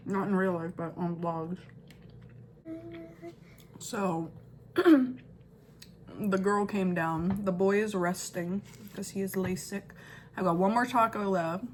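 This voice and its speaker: A woman's voice: medium pitch, slight background noise. A woman in her thirties, a mother and vlogger, chatting casually at home in a rambling, filler-heavy way. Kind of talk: casual vlog chat.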